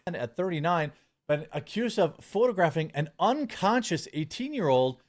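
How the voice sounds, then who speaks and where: Online commentator reading news aloud, halting and stumbling. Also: male voice, on the high side, very animated. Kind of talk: reading an article aloud on video.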